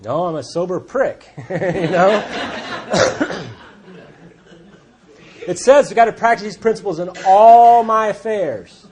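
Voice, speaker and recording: A man's voice: high voice, expressive, takes it slowly, pauses often, darkish tone, slight background noise. A man speaking at a recovery group meeting, telling his story in a blunt, plainspoken way with wry humor. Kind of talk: personal testimony talk.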